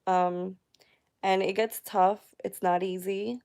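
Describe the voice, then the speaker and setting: A woman in her thirties talks openly to her followers in a personal vlog at home, emotional and chatty. Her voice has a gravelly fry, yet the words come out smooth and clear. She speaks slowly, taking her time. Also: mid-range voice, level tone, a little mellow. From United States. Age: 30s. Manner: candid, emotional, chatty with many fillers. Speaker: vlogger. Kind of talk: personal vlog talking to viewers.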